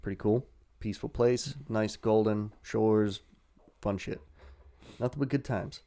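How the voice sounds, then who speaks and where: Laid-back low-voiced man retelling lore. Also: fairly even intonation, unhurried, mellow. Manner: crude jokey storytelling, laughs often. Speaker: podcast host telling lore. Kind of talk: casual lore retelling over drinks.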